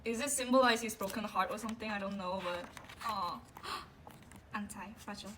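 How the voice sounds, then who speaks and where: A woman unboxing a music album and gushing over it in a casual way, with frequent gasps and a drawn-out delivery full of fillers. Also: mid-range voice, slight background noise, low-quality recording. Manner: excitable, gasps often, gushing. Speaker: vlogger.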